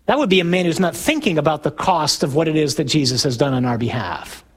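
A middle-aged man, a Catholic priest, giving an emphatic, conversational talk to a parish group, putting questions to the audience and rising to loud bursts on key points. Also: a little high, animated, quick pace.

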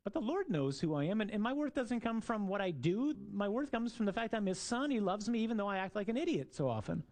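A man's voice: high voice, very animated, quick pace, darkish tone. A man, a priest, giving a conversational sermon with jokes and asides to the congregation.

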